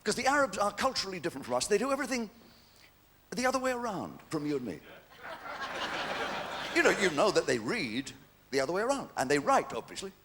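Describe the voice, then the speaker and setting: Cheeky english guy in his 60s doing stand-up on stage, high bright voice that bounces all over, faint room hum behind. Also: sing-song, fast talker, long pauses. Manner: chatty, cheeky, punchline-timed delivery with playful asides. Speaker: stand-up comedian. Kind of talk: live stand-up comedy. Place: large live venue before an audience.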